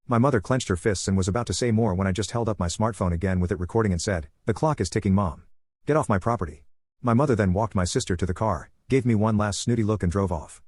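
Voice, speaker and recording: A man narrating a personal story in a brisk, matter-of-fact way. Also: lowish voice, darkish tone, slightly rough, no echo, studio quality.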